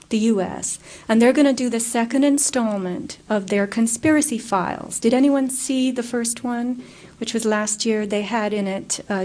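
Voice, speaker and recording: A woman giving a public talk and answering audience questions, telling stories in an earnest, animated way. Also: mid-range voice. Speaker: guest speaker.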